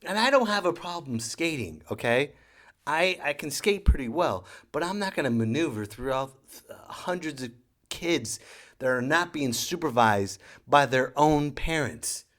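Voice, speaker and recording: A man hosting a podcast, telling a comedic story in an animated, exasperated rant. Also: mid-range voice, a little slow. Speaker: podcast host.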